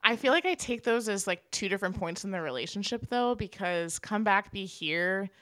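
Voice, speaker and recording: A young woman co-hosts a podcast, chatting casually with enthusiastic, expressive fan energy. Her mid-range voice moves at normal speed, and the studio sound is clean with no echo.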